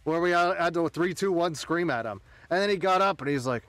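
A man's voice: fairly high pitch, animated, fairly quick, fairly bright tone, no room sound, soft background music. A man streaming a game, chatting casually with friends, rowdy, joking and swearing a lot. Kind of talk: casual live-stream chat.

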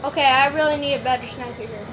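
A woman giving live commentary while playing a shooter game, excitable and often yelling and squealing at the action. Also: sits high, quick pace, background noise. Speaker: gameplay video maker. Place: at home playing a video game.

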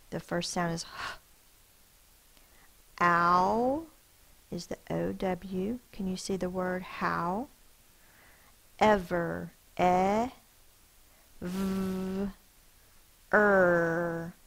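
A woman teacher walks her class through spelling words, sounding out each letter with careful emphasis. Her voice is low and gravelly, and she speaks at a very unhurried pace. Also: low-quality recording.

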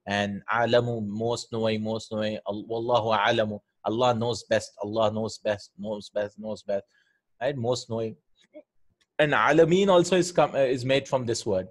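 Husky-voiced man teaching Arabic grammar. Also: on the low side, steady tone, normal speed. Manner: explains patiently, often asks "right?", repeats words. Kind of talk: Quranic Arabic grammar lesson.

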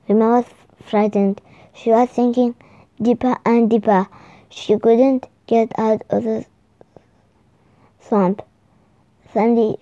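Slow, mellow woman reading a children's book. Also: fairly high pitch, no echo. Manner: halting, with restarts. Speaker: reader. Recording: slightly dull lo-fi recording.

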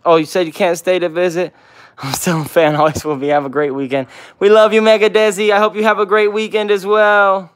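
On a relaxed livestream, a pet channel host greets viewers by name, reads their comments aloud, and coos at the dogs in affectionate baby talk. The voice is medium-pitched and steady in tone, with a brisk pace.

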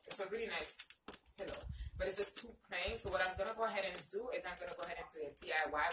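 Chatty woman in an echoey room. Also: fairly low pitch. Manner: chatty, repeats "go ahead", many fillers. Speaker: vlogger. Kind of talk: casual shopping haul chat. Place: home, indoors. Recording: echoey room, distant mic, noisy background.

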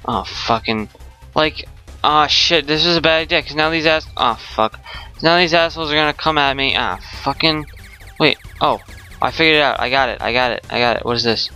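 A man's voice: fairly high pitch, moderate pace, bright, forceful tone, faint music behind. A young man giving rage gameplay commentary, swearing constantly with exasperated outbursts. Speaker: gaming YouTuber.

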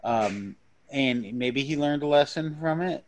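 A man's voice: mid-range voice, a little slow. A man, a stand-up comedian, chatting as a guest on a podcast in a blunt, rambling, profane way. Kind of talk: casual podcast chat.

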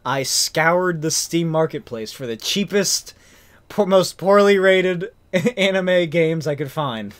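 A man's voice: a little high, animated, takes it slowly. A man hosting a let's play, giggling and teasing his friend in casual chat.

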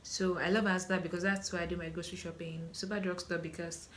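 A woman's voice: lowish voice, little pitch movement, quick pace, a little hiss or hum. A young Nigerian woman with a Nigerian accent, chatting casually through a Q&A vlog with many ums and restarts. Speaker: vlogger.

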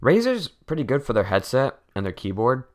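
A man's voice: mid-range voice, wildly swooping pitch, brisk, no echo, clean studio sound. A young man hosting a casual gaming chat with a friend, laid-back and joking, laughing often. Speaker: channel host, gamer.

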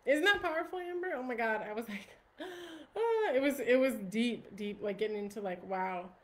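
A woman hosting a casual live stream on her phone, chatting with a steady stream of "like" and "um" and greeting viewers by name. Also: fairly high pitch, moderate pace.

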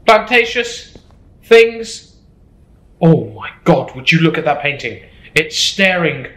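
A man's voice: a little high, sing-song, slow pace, pauses often, fairly bright tone, roomy sound, low-quality recording. A man commentating a horror game, jittery, swearing and repeating himself. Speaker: gameplay streamer.

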